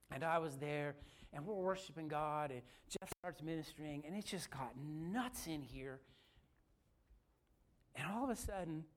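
A man preaching a sermon. He tells a story with energy and builds to loud, fervent preaching. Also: on the high side. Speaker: pastor.

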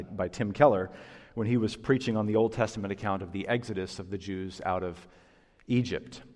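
Animated man preaching in a church. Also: on the low side. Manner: animated storytelling, emphatic. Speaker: pastor. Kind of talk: sermon. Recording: long church reverb.

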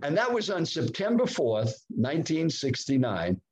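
A man in his seventies, a guest in a podcast interview, telling a personal story with dramatic swings in pitch. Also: huge pitch swings, moderate pace, a little mellow. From United States. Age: 70s. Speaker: guest speaker.

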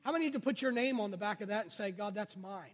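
Male pastor, very high voice, call-and-response sermon, long church reverb. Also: very fast. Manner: call-and-response preaching, rising and falling in volume.

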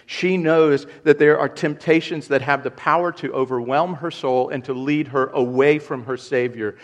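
A man's voice: mid-range voice, steady tone, moderate pace. A man, a pastor, preaching an earnest sermon who repeats key points and rises in volume for emphasis.

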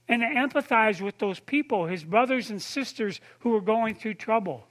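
A man delivers a sermon in a chatty, storytelling way, calling on listeners and asking them questions. His voice sits very high and sounds bright and forceful. At tender moments he drops to a soft, low tone. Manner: conversational preaching, addresses listeners by name, asks questions. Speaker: pastor.

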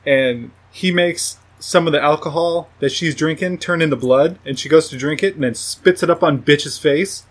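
A man's voice: a little high, moderate pace, hardly any pauses. Rambling, profane young-sounding man. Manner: rambling, profane, laughing at his own jokes. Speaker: movie reviewer. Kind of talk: casual movie recap.

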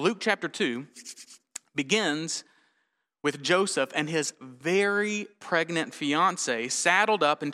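Bright, clear-voiced pastor preaching. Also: male voice, fairly high pitch, big-room sound. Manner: conversational, storytelling, self-deprecating humor. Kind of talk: sermon.

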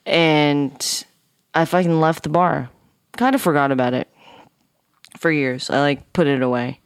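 A woman guest telling a personal story on a podcast, animated and profane, acting out the people in it. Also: low voice, a little slow, clear, resonant tone, no room sound, studio quality. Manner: animated, swears a lot, acts out dialogue. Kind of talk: casual storytelling.

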